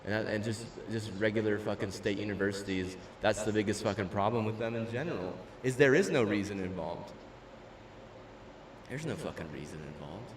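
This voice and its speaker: A man's voice: fairly low pitch, fairly quick. A young man ranting casually and profanely while streaming a game, full of fillers and restarts. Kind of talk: casual rant while gaming. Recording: roomy, distant mic with faint room noise.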